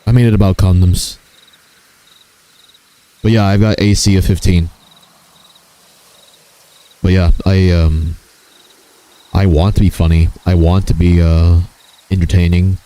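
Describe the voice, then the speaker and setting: A man's voice: low voice, flat delivery, a little slow, long pauses, mellow. A man chatting casually on his gaming stream, joking crudely and swearing freely. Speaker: VTuber streamer.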